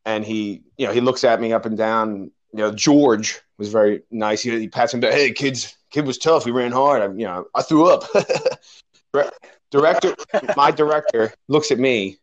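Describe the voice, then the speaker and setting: A man's voice: fairly low pitch, normal speed, lo-fi sound. A man, a personal trainer, telling a long story in casual chat and acting out the voices of the people in it.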